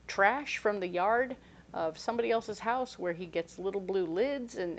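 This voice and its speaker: A woman giving a casual, playful tarot reading, chatty and full of quick asides. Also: medium pitch, highs cut off. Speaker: tarot reader.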